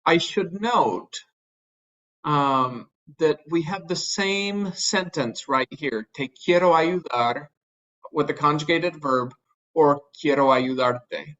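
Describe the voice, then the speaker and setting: A man's voice: on the high side, slow pace, fairly bright tone, dull audio. A man teaching a grammar lesson, explaining patiently step by step with frequent fillers. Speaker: Spanish teacher. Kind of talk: recorded grammar lecture.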